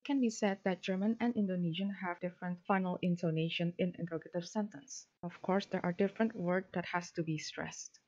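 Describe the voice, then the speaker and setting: A woman presenting linguistics research, reading a prepared academic talk in a steady, formal way with a few fillers. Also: lowish voice, fairly quick, few pauses. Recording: dull lo-fi recording.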